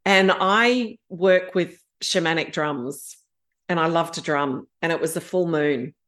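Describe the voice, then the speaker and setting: Her tone a bit bright and her pitch on the low side, this Australian woman in her fifties speaks at a measured pace. As a podcast guest she gives a candid account of her life, playing out her own inner voices.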